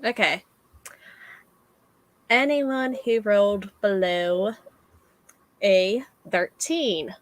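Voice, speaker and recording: A woman running a tabletop game as game master, speaking in a slow, hesitant way with many fillers. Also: medium pitch, no room sound, poor audio.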